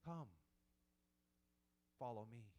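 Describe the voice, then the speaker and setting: A man voicing God as a gentle male spirit in a whispered role-play, hushed, low and intimate. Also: takes it slowly, close to an everyday voice. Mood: tender, urging.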